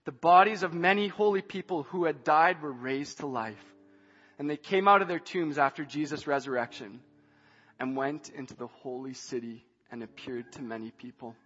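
A man preaching a sermon who moves from hushed scripture reading to shouted emphasis. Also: a little high, normal speed. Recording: dull sound, long hall reverb, faint music.

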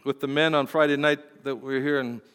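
A man pastor preaching a sermon, swinging between loud, fervent exhortation and quiet, tender storytelling. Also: medium pitch, steady tone, fast talker, clear, resonant tone. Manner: impassioned preaching, rising to loud exhortation and dropping to soft storytelling. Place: church sanctuary. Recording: long hall reverb.

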